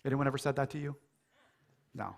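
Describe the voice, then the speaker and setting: An American man preaching a sermon in a casual, animated way, joking and acting out quoted lines. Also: medium pitch, brisk, vocal fry. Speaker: pastor. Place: church.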